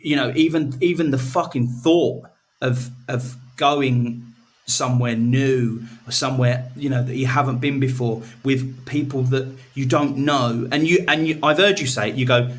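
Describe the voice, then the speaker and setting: A man co-hosting a casual podcast, animated and encouraging, swearing and calling his friend mate. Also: mid-range voice, moderate pace. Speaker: podcast co-host.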